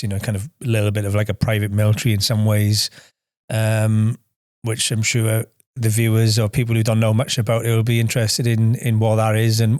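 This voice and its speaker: A man hosting a podcast, asking long, halting questions with many restarts. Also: medium pitch, darkish tone, no echo, studio quality. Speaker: podcast host. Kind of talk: conversational interview questions.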